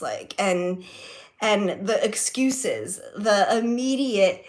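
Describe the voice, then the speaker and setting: A woman's voice: mid-range voice, animated, takes it slowly. A middle-aged woman telling a story on her vlog at home, emphatic and profane, rambling with fillers and repeated words. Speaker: vlogger.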